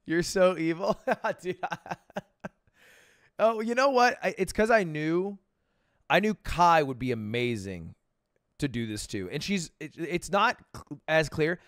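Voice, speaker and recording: A man in his twenties talks through a video in loose, rambling reaction commentary. He laughs easily and fills his speech with "like". His voice sits fairly high and swings widely in pitch, and the recording is dry and close. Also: a little slow, long pauses, no room sound. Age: 20s. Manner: animated, laughing, filler-heavy rambling.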